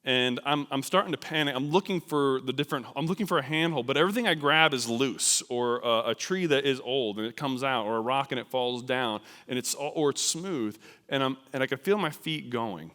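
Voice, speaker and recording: A man preaching at a church, telling a personal story in a lively, self-deprecating way with many fillers. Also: medium pitch, fairly quick, few pauses. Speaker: missionary speaker. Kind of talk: storytelling sermon. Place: large church sanctuary. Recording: long church reverb.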